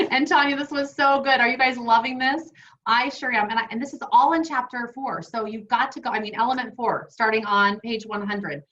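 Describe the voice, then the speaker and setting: A woman's voice: fairly high pitch, fairly quick, a bit bright. Upbeat lady on a video call webinar, lots of "you know", kinda muffled audio. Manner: enthusiastic, chatty, uses personal stories. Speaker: wellness program co-host. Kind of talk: online webinar teaching.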